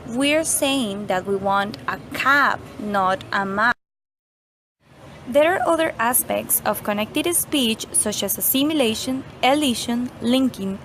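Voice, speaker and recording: A woman reading a scripted pronunciation lesson in a measured, explanatory way. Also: on the high side, fairly bright tone, a little hiss or hum, poor audio. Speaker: pronunciation teacher. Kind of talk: scripted instructional narration.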